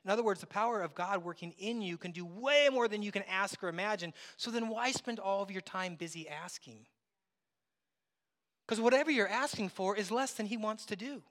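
A man pastor preaching a conversational sermon, acting out bits of dialogue and dropping from loud to hushed. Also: sits high, fairly quick. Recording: long hall reverb.

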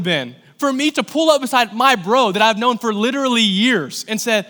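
Bright-voiced young man preaching in a hall. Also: very high-pitched, normal speed, few pauses. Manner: conversational, animated storytelling with acted-out asides. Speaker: pastor. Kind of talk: sermon. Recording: long hall reverb.

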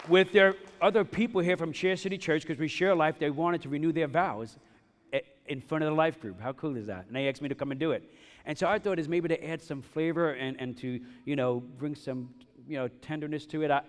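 A man with a slightly higher voice preaches with emphatic repetition, breaking into light humorous asides. His words ring out in a church sanctuary with a long, lingering reverb. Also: a bit bright. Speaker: pastor. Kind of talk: sermon. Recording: long reverb of a large hall.

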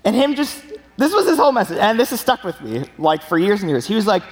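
A young man preaching a sermon in a church, telling stories with an animated, laughing delivery. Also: high-pitched, fast, big-room sound. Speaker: pastor.

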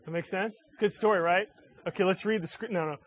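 A man's voice: sits high, fairly quick, a bit bright, poor audio. A male pastor preaching a sermon in an earnest way, asking his listeners many rhetorical questions.

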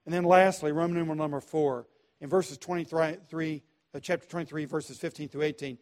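Emphatic higher-voiced male pastor. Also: steady tone, brisk. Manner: emphatic, repetitive, swings from quiet to loud. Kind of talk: sermon.

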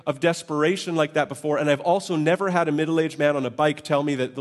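A man's voice: fairly high pitch, fast, hardly any pauses. A man preaching a sermon at a church service, earnest and emotional, with self-deprecating asides. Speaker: pastor.

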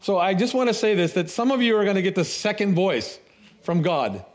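A middle-aged man preaching a sermon, telling stories with laughs and restarts, animated. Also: high-pitched, a little fast. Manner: storytelling, animated, with laughs and repeated words.

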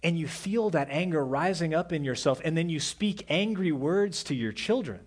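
A middle-aged man delivers a Sunday sermon in a slightly high, husky voice. He preaches earnestly and lets his voice fall quiet on the words that matter most. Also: expressive, normal speed. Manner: earnest preaching, drops to a soft hush on key words. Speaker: pastor.

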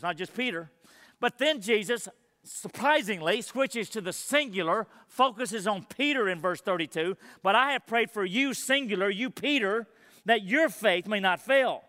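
A man's voice: high-pitched, pushed and bright, long reverb tail. A man, preaching a sermon as pastor, earnest and full of rhetorical questions to the congregation.

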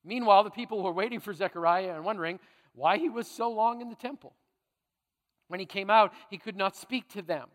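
A pastor delivering a conversational sermon full of playful asides and tag questions. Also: male voice, sits high, a little fast, big-room sound.

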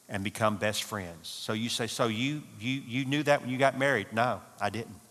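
Hall reverb fills a church conference hall where a man with a fairly low, slightly bright voice speaks at a marriage conference. His sermon is humorous and folksy, told as stories with Southern turns of phrase.

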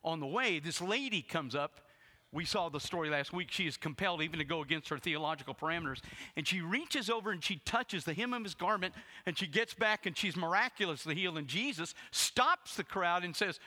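A man preaching a sermon as a pastor, retelling the story dramatically and swinging from hushed tones to loud ones. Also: sits high, expressive, brisk. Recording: long hall reverb.

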